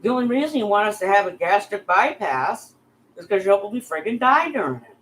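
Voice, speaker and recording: Speaking briskly in a sing-song, mid-range voice with a fairly bright tone, a middle-aged woman vlogger rants heatedly at the camera. She swears and confronts the bullies criticizing her head-on, and the audio quality is poor.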